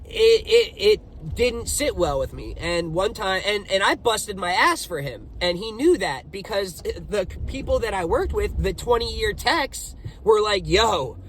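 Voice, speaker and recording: A man's voice: sits high, unhurried, hardly any pauses, slight background noise. A young man casually telling his own story, swearing often and speaking with heavy emphasis. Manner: profane, emphatic, animated retelling.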